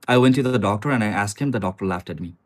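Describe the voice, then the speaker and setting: A man's voice: on the low side, racing. A young man, chatting casually with viewers on a live stream from his small apartment. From China. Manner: chatty, addresses viewers as guys, answers chat comments. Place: small studio apartment with river view.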